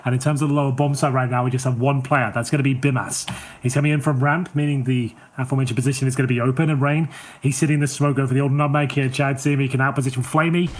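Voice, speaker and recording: A man doing fast play-by-play esports commentary, his voice lifting on big plays. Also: mid-range voice. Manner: energetic, rising on big plays. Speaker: esports caster.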